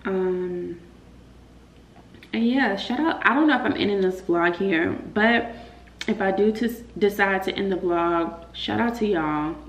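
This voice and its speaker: A young woman vlogs in a chatty, casual way, speaking directly to her viewers in a medium-pitched voice at a slightly slow pace. The recording has a roomy echo and faint room noise.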